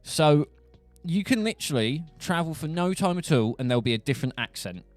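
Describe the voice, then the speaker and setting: Faint music plays under a dry recording of a young Buckinghamshire streamer whose voice is a little high, brisk, and lively in intonation. Speaking with a Southern English accent, he rambles and jokes through a casual monologue.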